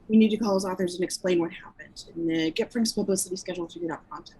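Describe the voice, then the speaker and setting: A woman reading the part of a cold, cutting female publishing chief in a play reading, speaking with clipped, icy calm. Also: a little high, a little fast, breathy edge, rough recording. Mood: brisk. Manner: clipped, icily calm authority.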